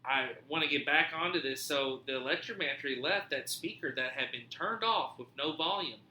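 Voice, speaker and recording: A man hosting a podcast, telling a story in a casual, animated way, swearing freely and acting out what people said. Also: a little high, fairly quick, reverberant, a little hiss or hum. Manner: animated, profane, acts out quoted dialogue. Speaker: podcast host.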